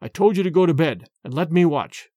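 A man's voice: fairly high pitch, lively intonation, a little fast, mellow, dry recording. A man voicing a stern grown son who speaks firmly and gloomily. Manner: firm and gloomy. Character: stern grown son, firm and brooking no argument.

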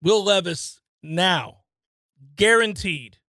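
In clean studio sound with no room echo, a sports radio co-host speaks slowly in a high voice on a casual talk show. He's an animated storyteller who acts out voices and laughs frequently.

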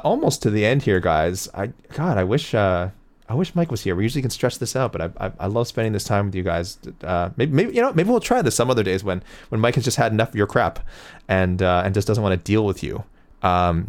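A man hosting a mixed martial arts talk show, reading out viewer matchup picks in a rambling, self-correcting casual chat. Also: fairly low pitch.

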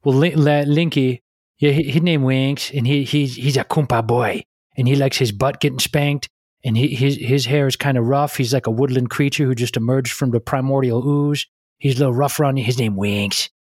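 A man's voice: medium pitch, steady tone, moderate pace, a little mellow, dry recording, studio quality. A man co-hosting a podcast, chatting casually and playfully with a co-host on a remote call. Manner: playful, breaks into silly pet voices.

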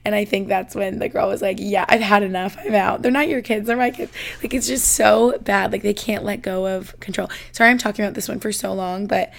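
Young woman rambling on her podcast, bit of vocal fry, like like like. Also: mid-range voice, steady tone, fairly quick. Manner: chatty, says "like" constantly, laughs while reading. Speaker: podcast host reading listener confessions. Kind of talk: casual chat.

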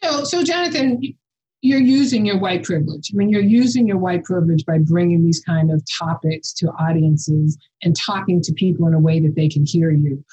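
Impassioned woman with a husky, mellow voice. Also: fairly low pitch, normal speed, poor audio. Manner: impassioned and forceful. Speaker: professor, podcast guest. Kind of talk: casual podcast conversation.

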